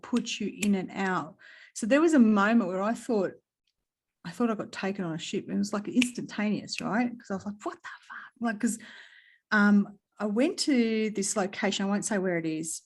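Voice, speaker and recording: A woman with an Australian accent, chatting casually as a guest and telling a story in an animated way, acting out what people said and swearing freely. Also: medium pitch. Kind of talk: casual chat.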